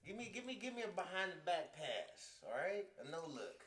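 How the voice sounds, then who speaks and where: A man hosting a casual podcast, his voice bright and lively as he teases and jokes with his guests. The room adds an echoey ring. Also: high-pitched, moderate pace, a little hiss or hum. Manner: joking, teasing, playful banter. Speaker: podcast host.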